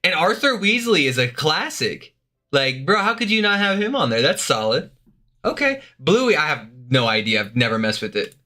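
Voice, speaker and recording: A young man riffs through a casual stream reaction, cursing freely and laughing between thoughts. His voice is bright and tense, and it leaps around with lively pitch. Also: normal speed. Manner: loose, profane, laughs often, lots of fillers.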